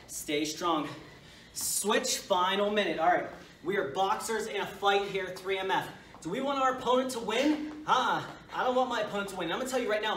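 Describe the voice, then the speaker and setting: A man coaching a workout in a high, urging voice, pushing everyone through the set with pep talk. He is recorded in an echoey studio from some way off the mic, with a faint hiss behind him. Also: a bit bright. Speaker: fitness coach. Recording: echoey room, mic at a distance.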